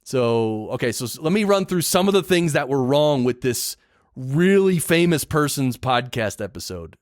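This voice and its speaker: A man delivers a casual solo podcast rant, full of blunt judgments, emphatic repetition, and strong opinions. His medium-pitched voice swings widely at a moderate pace, recorded dry with studio quality.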